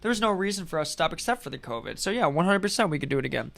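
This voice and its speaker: A man's voice: fairly high pitch, very animated, rapid-fire, creaky, a bit bright. A man hosting a casual chat, eagerly rambling through a story. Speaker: host. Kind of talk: casual chat on a live stream.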